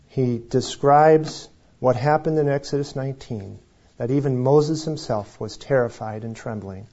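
A man's voice: medium pitch, measured pace, dark tone, slightly rough. An older man preaching a sermon as pastor, talking in a conversational, folksy way with jokes and scripture readings. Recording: slightly dull lo-fi recording.

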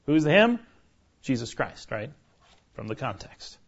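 A man's voice: medium pitch, sing-song, measured pace, vocal fry, pauses often, slightly rough. A man teaching a conversational sermon, asking his listeners questions and checking in with "right?" as he goes. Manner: chatty, keeps asking the room "right?". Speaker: pastor teaching a Bible study. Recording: dull lo-fi recording.

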